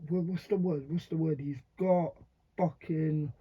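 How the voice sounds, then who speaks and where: Husky man reacting, lo-fi sound. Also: fairly high pitch, fairly even intonation, a little slow. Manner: blunt, slangy, swears often, laughs between remarks. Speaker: reaction video host. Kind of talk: casual reaction commentary. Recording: dull lo-fi sound.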